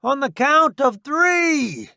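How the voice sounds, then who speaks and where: A man's voice: very high-pitched, sing-song, slow, vocal fry, pushed and bright, dry recording, clean studio sound, voice pushed up, exaggerated voice. A man voicing a brash, reckless male soldier who hollers and jokes under fire, in an audiobook. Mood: rowdy. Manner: hollering, cocky. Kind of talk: audiobook character voice.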